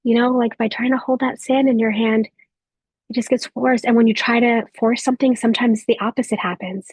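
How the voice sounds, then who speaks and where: A woman in her thirties giving a gentle motivational talk to a live audience of mothers, speaking softly with reflective pauses. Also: on the high side, steady tone, slightly rough, dry recording. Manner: soft, warm encouraging delivery with reflective pauses.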